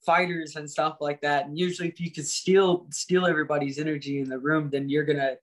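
Podcast guest, man from Indiana, about thirty, energetic and rambling, a bit high-pitched. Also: brisk. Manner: energetic, rambling, lots of fillers and restarts. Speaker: guest fighter. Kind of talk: casual podcast chat.

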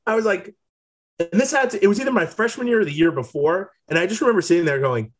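A man, a former college player, telling animated stories in a casual chat. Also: high-pitched. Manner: animated storyteller, quick to laugh.

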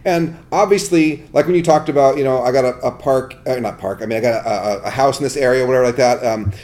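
A man's voice: mid-range voice, fast talker, darkish tone. A man hosting a podcast, chatting casually and rambling, often restarting sentences and losing his train of thought. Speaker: podcast host. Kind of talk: casual chat.

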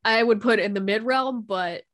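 A woman's voice: fairly high pitch, moderate pace, a bit bright. A young woman co-hosting a podcast, chatting casually with a frank, joking manner and some swearing. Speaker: podcast co-host. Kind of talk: casual chat.

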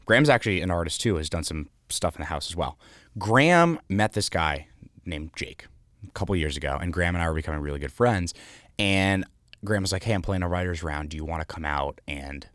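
This male podcast guest, founder of an artist house, has a low pitch and talks briskly in loose, animated anecdotes, dropping fillers and swear words as he goes. The sound is dry and close, without echo, suited to casual interview storytelling.

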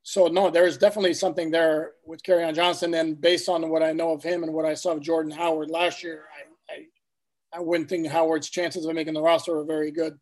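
A man's voice: fairly high pitch, flat delivery, fairly quick, a little mellow. A man guest reporter discussing football in casual talk, making emphatic points.

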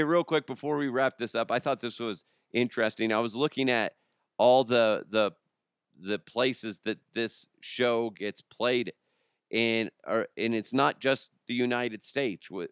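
Joking podcast host, smooth dry voice. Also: male voice, fairly low pitch, dry recording. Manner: joking, rambling, self-mocking. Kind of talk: casual solo podcast talk.

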